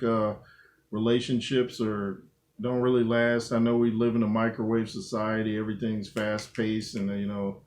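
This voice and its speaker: A man from Southern California co-hosts a casual chat with a fairly low voice. He talks in a laid-back, rambling way, trailing off into fillers as he thinks aloud. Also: darkish tone. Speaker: podcast co-host.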